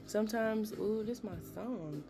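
A woman's voice: mid-range voice, unhurried, mellow, faint music behind. A young woman hosting a podcast, chatty and emphatic, giving casual motivational talk with slangy asides. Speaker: podcast host.

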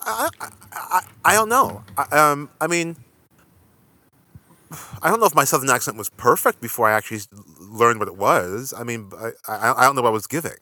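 A man co-hosting a casual podcast chat, animated and quick to stammer and repeat words as he gathers his thoughts. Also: medium pitch, no room sound. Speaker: podcast co-host.

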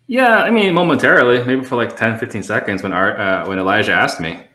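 A man who trains real estate salespeople, talking casually in a podcast conversation, measured and explaining with quick acted-out phone exchanges. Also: medium pitch, lively intonation, bright, forceful tone, roomy sound.

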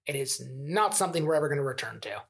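A man's voice: a little high, lively intonation, fast, creaky. A man co-hosting a podcast, critiquing a film in casual, rambling chat that is full of "like.". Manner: chatty, rambling, lots of "like" fillers. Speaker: podcast co-host.

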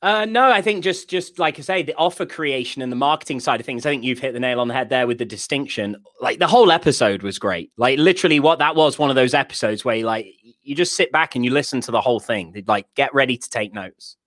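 A man's voice: medium pitch, a bit bright. British man, rambling podcast co-host. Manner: self-deprecating, rambling, halting starts. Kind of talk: casual podcast chat.

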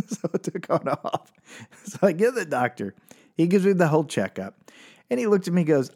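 Animated man telling a stand-up story. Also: moderate pace, breathy edge. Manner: animated, jumps up in pitch for punchlines. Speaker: stand-up comedian.

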